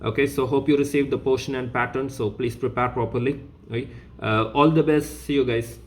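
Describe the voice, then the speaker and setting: A man's voice: mid-range voice, fairly even intonation, brisk, background noise. Patient male French teacher. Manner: patient, repeats each sentence and translates it. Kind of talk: revision lesson explaining exercises.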